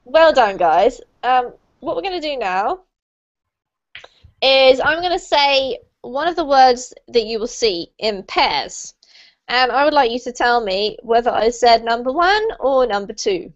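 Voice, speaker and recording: A woman with a British accent teaching English pronunciation in an online group lesson, clear, patient and encouraging. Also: fairly high pitch, animated, measured pace. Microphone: video call. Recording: lo-fi online call audio.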